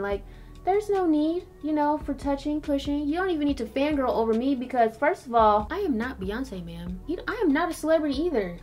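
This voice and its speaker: Young bay woman doing makeup and spilling tea, sassy slangy chat, kinda high voice, soft music behind. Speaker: beauty vlogger. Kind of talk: casual chit-chat while doing makeup.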